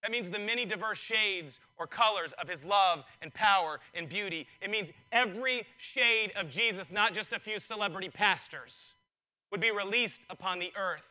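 A male pastor preaching a sermon, excitable and building in intensity, his voice strained from preaching. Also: high-pitched, rough recording.

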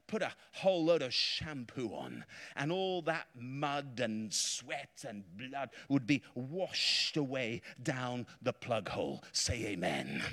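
An English man preaching a revival sermon, telling jokey stories and calling out hallelujah and amen. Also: on the high side. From England. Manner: animated, jokey storytelling with calls of hallelujah and amen. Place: large church hall. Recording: long hall reverb.

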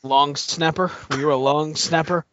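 A man's voice: a little high, fairly even intonation, moderate pace, fairly bright tone, no echo, highs cut off. Quippy punning man, dry close sound. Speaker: podcast co-host. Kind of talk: casual banter watching wrestling.

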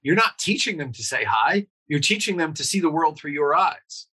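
A man's voice: a little high, expressive, normal speed, bright, forceful tone, husky, rough recording. A man, a pediatrician guest on an interview, explaining earnestly and asking rhetorical questions.

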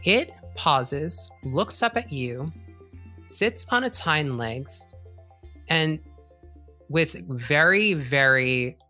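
Very low-voiced woman game master. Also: expressive, very slow, pauses often, sharp tone, soft background music. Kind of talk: narrating a tabletop game.

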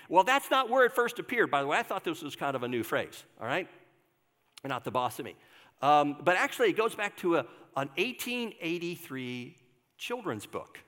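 A man's voice: on the high side, pushed and bright, big-room sound. An older man, a pastor, giving a conversational sermon and asking the congregation questions. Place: church sanctuary.

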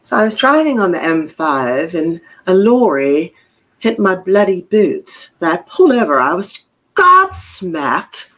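A man's voice: sits high, big pitch swings, unhurried, fairly bright tone, full character voice. A man putting on a British accent, playing a chatty bloke telling a road story. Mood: gobsmacked.

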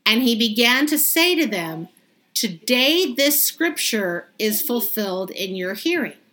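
A woman with a fairly high voice leads a Bible study. She reads a scripture passage aloud, then explains it in plain, lively, conversational words. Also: measured pace. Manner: lively, conversational, acts out the crowd's reactions. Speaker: Bible teacher.

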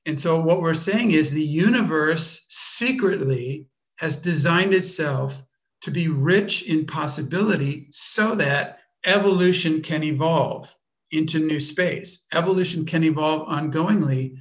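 A man teaching a workshop off the cuff, speaking deliberately and searching for words with frequent restarts. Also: on the high side. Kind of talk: unscripted workshop talk.

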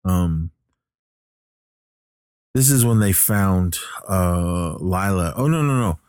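A man's voice: sits low, animated, slow, a little mellow, no room sound, clean studio sound. A man casually recapping a horror film, rambling and correcting himself with many fillers. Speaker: movie recapper.

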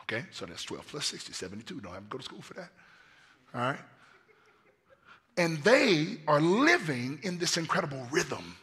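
A man preaching a lively sermon in a hoarse voice, swinging from shouts down to near-whispers and telling stories in casual slang. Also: a little high, normal speed, long pauses. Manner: casual slang-laced storytelling. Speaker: pastor.

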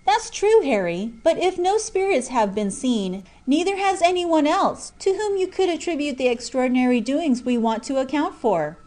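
A woman doing a merry young miner, high and bouncy. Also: normal speed, few pauses. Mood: jovial. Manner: lively, coaxing, exclamatory. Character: cheerful young male miner, jovial and teasing. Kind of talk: audiobook character voice.

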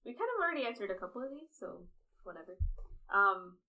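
A woman's voice: mid-range voice, very animated, fast, sharp tone, rough recording. A woman co-hosting a podcast, breezily reading out questions in casual chat. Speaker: podcast co-host.

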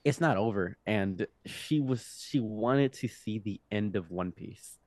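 A young man in his twenties, a podcast guest telling a story in a loose, animated way, with laughs, restarts and swearing. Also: lowish voice, a little slow, no echo. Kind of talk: casual storytelling.

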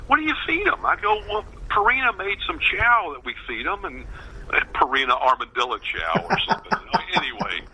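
A man in his fifties, a former ballplayer, telling a long anecdote in a relaxed interview, with many fillers and restarts. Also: medium pitch, muffled recording, a little hiss or hum. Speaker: former baseball player, radio pregame host. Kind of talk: casual storytelling interview.

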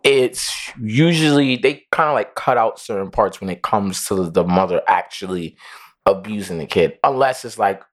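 A man co-hosting a podcast in casual chat, joking and drifting into slow reflective asides. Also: fairly low pitch, expressive. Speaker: podcast co-host.

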